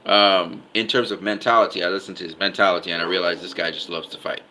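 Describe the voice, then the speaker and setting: Guy ranting about boxing, kinda low voice but really sharp, keeps repeating himself. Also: flat delivery, fast, slight background noise, rough recording. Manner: emphatic, repeats words, punctuates with "okay?". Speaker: boxing commentator. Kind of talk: casual commentary.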